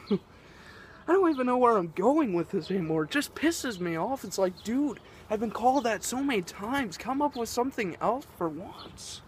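A man's voice: very high voice, expressive, moderate pace, hardly any pauses, a little hiss or hum. A man ranting and swearing in a casual, rambling vlog. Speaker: vlogger.

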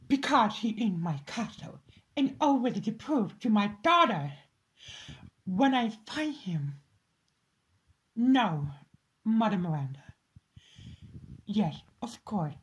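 A woman voicing an imperious, vengeful aristocratic vampire lady in a fan voice impression, talking slowly and theatrically, swinging between hissed whispers and shouts. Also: mid-range voice. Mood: deferential, formal.

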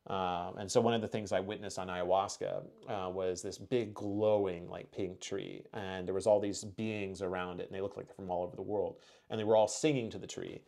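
A man's voice: low voice, flat delivery, fairly quick, vocal fry, few pauses, mellow. A man from Kentucky hosting a podcast, talking casually and rambling with lots of filler words. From United States (Kentucky). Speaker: podcast host.

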